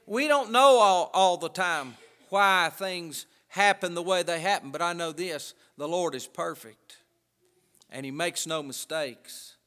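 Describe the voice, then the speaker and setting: A man preaching a sermon with emphatic delivery, pausing and restarting often. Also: high-pitched, a bit bright, in a large hall.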